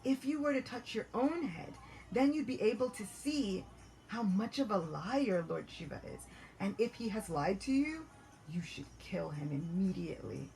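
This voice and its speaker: A woman's voice: mid-range voice, lively intonation, moderate pace, warm tone, a little hiss or hum, low-quality recording. Woman playing a sly charming young priest. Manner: smooth, coaxing, hesitant fillers.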